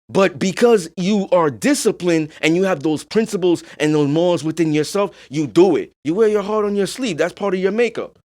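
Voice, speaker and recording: A man's voice: high-pitched, animated, moderate pace, few pauses, darkish tone. A man hosting a podcast in a casual monologue. He talks bluntly and emphatically, swears freely, and keeps checking in with "you know what I'm saying.". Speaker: podcast host.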